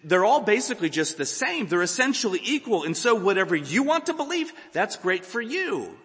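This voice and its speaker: A man preaching a sermon, emphatic and animated, acting out dramatic quotes. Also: high-pitched, fairly quick, long reverb tail.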